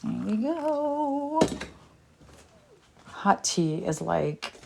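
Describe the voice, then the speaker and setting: A woman's voice: fairly high pitch, sing-song, very slow, vocal fry, background noise. A middle-aged woman chatting casually on a livestream, rambling and exasperated as she talks to viewers. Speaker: livestream host.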